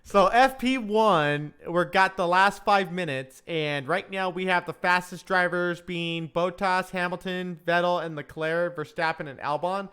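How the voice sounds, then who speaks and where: A high, smooth male voice talking casually to his audience during a live stream. He jokes, ribs himself and laughs easily while he runs through the session. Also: a little slow, hardly any pauses, sharp tone. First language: English. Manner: chatty, joking, laughs at himself.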